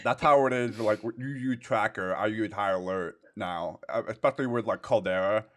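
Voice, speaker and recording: A man's voice: fairly low pitch, normal speed. Man telling a story in casual chat. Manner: storytelling, gets loud and excited retelling. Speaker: guest streamer.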